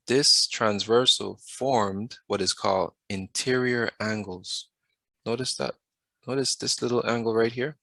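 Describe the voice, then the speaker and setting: A man's voice: medium pitch, a bit bright, no room sound. A man teaching a math class over a video, often stopping to put questions to the students and waiting for answers. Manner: asks the class questions, patient.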